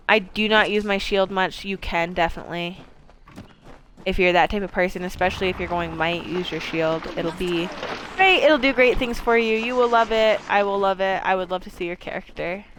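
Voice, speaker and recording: A woman's voice: mid-range voice, a bit bright, a little hiss or hum. A woman streaming a game, talking casually and rambling along, swearing freely and filling her talk with "like" and "um". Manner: chatty, rambling, swears freely, lots of fillers. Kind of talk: casual gameplay commentary.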